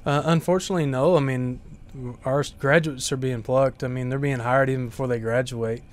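A college instructor, speaking earnestly with small hesitations. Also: male voice, mid-range voice, steady tone, fairly quick.

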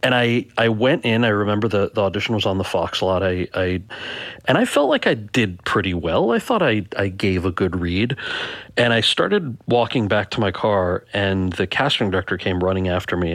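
A man's voice: lowish voice, lively intonation, normal speed, fairly bright tone, no echo. A middle-aged male actor and author, earnestly recounting a past audition and reading passages from his own book, with frequent restarts. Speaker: actor and author, interview guest.

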